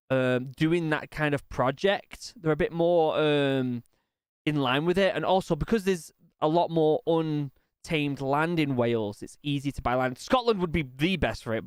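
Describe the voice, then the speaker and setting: Guy, young, live-stream chatter, clear and dry, light music underneath. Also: mid-range voice, no room sound. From United Kingdom. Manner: chatty, reads viewer comments aloud, swears casually. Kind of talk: casual live-stream chat.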